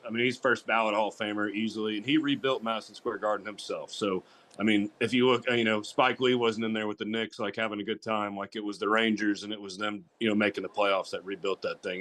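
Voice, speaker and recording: A man co-hosts a casual sports talk show, his voice fairly low and a bit bright, with no echo. He rambles and restarts his sentences, repeating himself with lots of fillers.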